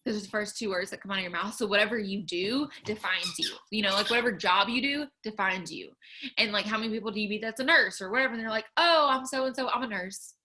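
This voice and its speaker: A woman's voice: medium pitch, quick pace, sharp tone. A young woman hosting a livestream and chatting earnestly to viewers about faith, full of fillers as she urges them on. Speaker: livestream host sharing faith encouragement. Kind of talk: casual faith talk to viewers.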